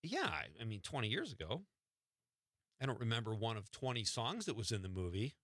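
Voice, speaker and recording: Animated joking male radio host. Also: medium pitch, brisk, no room sound, studio quality. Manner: joking, teasing. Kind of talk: casual radio chat. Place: radio studio.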